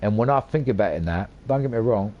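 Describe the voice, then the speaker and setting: This man in his 40s hosts a gaming channel and rants over his gameplay in loose, rambling commentary, full of swearing and emphatic repeated phrases. He talks quickly with lively intonation at a fairly low pitch. The audio sounds dull.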